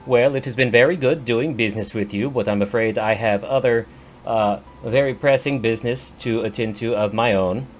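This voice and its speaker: A man voicing a brisk, businesslike woman, speaking politely and formally in clipped sentences. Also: medium pitch, soft background music, lightly acted.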